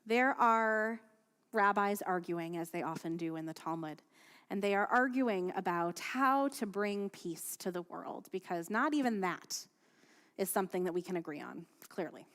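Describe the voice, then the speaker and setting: Female rabbi, mid-pitched, measured prayers and chatty sermon stories, livestreamed from a long-reverb sanctuary. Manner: steady, measured prayer reading, then chatty, lively storytelling with fillers. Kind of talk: leading prayers and giving a sermon. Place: synagogue sanctuary.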